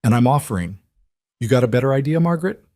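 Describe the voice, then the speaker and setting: A man voicing a gruff older woman who runs a saloon, speaking in a gravelly, blunt, flat way for an audiobook. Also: medium pitch, quick pace, dry recording, clean studio sound, voice pushed up, lightly acted. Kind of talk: audiobook character voice.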